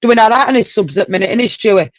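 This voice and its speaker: A woman hosting a casual livestream chat, talkative and quick to exclaim. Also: medium pitch, no room sound, dull audio. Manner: chatty, exclaims and laughs often. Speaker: livestream host.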